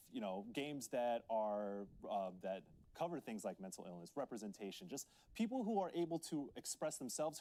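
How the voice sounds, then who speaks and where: A man's voice: medium pitch, mellow. A man from Southeast San Diego on a games panel, talking earnestly with many fillers. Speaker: panel guest, games journalist. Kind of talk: casual panel chat.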